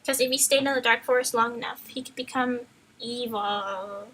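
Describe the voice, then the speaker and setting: Bright-voiced woman reading on stream. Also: on the high side, fairly even intonation, moderate pace, low-quality recording. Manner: playful, chatty, loses her place in the text. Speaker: streamer, reader. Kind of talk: reading a book aloud on a live stream.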